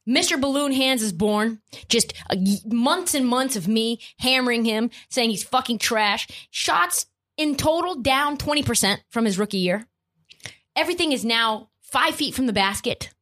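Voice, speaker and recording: A woman's voice: on the high side, moderate pace. A woman hosting a sports podcast, ranting casually and cursing freely. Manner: profane, animated ranting. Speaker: podcast host.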